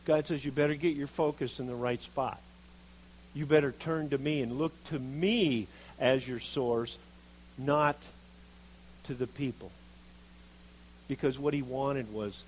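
A man preaching a sermon, reading scripture and acting out the quoted speakers with lively expression. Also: medium pitch, measured pace, long pauses, slight background noise, low-quality recording. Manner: animated, acts out quoted voices of Jeremiah and God.

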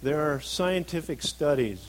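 A middle-aged man preaching a sermon, earnest, moving between emphatic stresses and soft, reflective passages. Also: fairly high pitch, expressive, measured pace, rough recording.

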